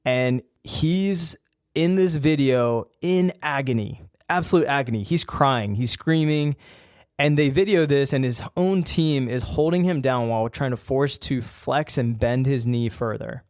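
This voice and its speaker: A man's voice: medium pitch, unhurried, darkish tone, smooth, no room sound, clean studio sound. A man hosting a podcast, talking in an emphatic, fired-up, plain-spoken way. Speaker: podcast host and ACL rehab coach. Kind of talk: casual solo podcast talk.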